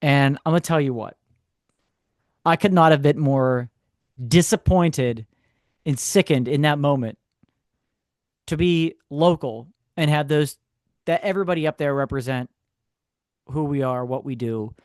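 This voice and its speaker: A man, co-hosting a podcast, telling a story in a casual, animated way with sarcastic asides. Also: fairly high pitch, a little slow, pauses often, dry recording, studio quality. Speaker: podcast co-host. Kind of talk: casual chat.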